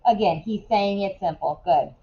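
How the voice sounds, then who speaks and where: A woman teaching a classroom lesson in a casual way, asking quick questions and often checking in with "right?". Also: mid-range voice, warm tone, dull audio.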